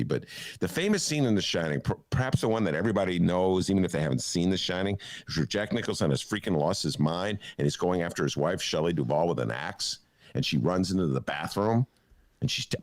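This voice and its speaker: Male host, gravelly low voice, wildly swooping pitch, rambling jokey storytelling, casual banter. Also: dry recording, studio quality. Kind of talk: casual talk-show banter.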